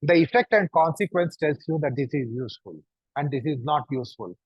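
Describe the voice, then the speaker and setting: A husky, fairly high-pitched man talks fairly quickly as he teaches yoga, moving students through poses. His manner leans on repetitive, probing rhetorical questions. No room sound can be heard on the dull, lo-fi recording.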